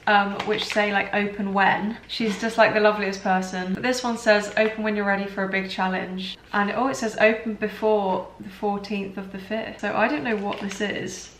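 An earnest young woman talks to her camera in a personal vlog, steadily encouraging herself. Her voice sits at an ordinary mid pitch. The room around her is echoey, with a faint hiss behind. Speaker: recovery vlogger.

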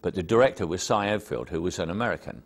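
Low-pitched, fast, and expressive, an older Cockney man shares career anecdotes as an actor in a reminiscing interview. He's brimming with stories and pokes fun at himself.

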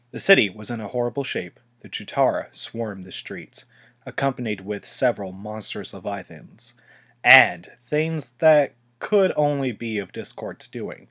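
A man narrating a storybook in an unhurried reading voice, with a few small slips. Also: lowish voice, fairly bright tone. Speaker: storybook reader.

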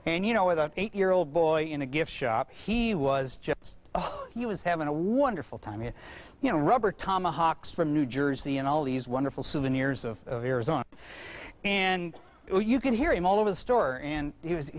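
A man with a fairly high voice speaks at normal speed, delivering a parenting seminar lecture with anecdotes. He is a folksy, animated storyteller who acts out the voices.

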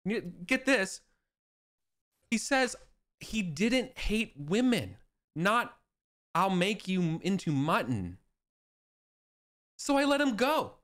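A man's voice: sits high, very animated, slow pace, pauses often, fairly bright tone, pitched above the performer's own voice, full character voice. A man voicing a cheery, boastful young knight telling a rambling war story in a tabletop game. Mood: chipper. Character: chipper boastful young male knight Gawain. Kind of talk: tabletop game role-play.

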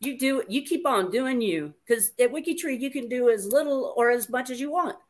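A woman's voice: high-pitched, moderate pace. A woman hosting a casual livestream chat, reading viewer comments aloud in a chatty, playful way.

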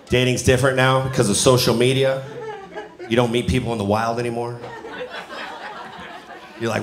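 A man in his forties with a medium-pitched voice speaks fairly quickly and pauses often, a crowd audible behind him. On stage in a roomy live venue with loud audience noise, he delivers conversational stories and acts out quotes.

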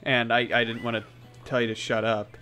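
Brief: relaxed young male gamer, middle pitch, faint music underneath. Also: fairly quick. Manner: easygoing, hesitant, restarting sentences. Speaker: co-host playing the game. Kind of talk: casual gameplay commentary.

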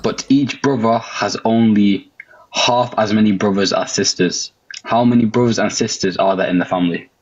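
British young guy, husky, muffled lo-fi stream audio, teasing with riddles. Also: lowish voice, fairly even intonation, moderate pace, a little mellow. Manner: teasing, poses riddles and explains them patiently. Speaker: co-host of a live stream. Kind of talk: casual chat.

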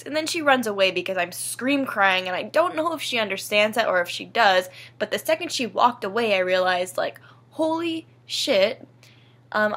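A woman's voice: mid-range voice, a bit bright. A young woman vlogging in a casual, rambling, emotional way, swearing freely. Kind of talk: casual personal vlog.

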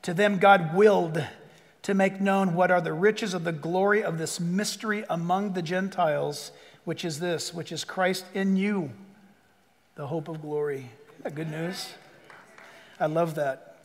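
An older man preaching a sermon, swinging between loud bursts and hushed asides and joking with the crowd. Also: high-pitched, a little slow, long reverb tail. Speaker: pastor.

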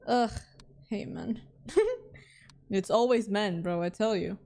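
Talking herself through a horror game, a young VTuber gets jumpy, begs for mercy, and then turns the jokes on herself. Her medium-pitched voice is gravelly and a little mellow, and she takes her time, pausing often.

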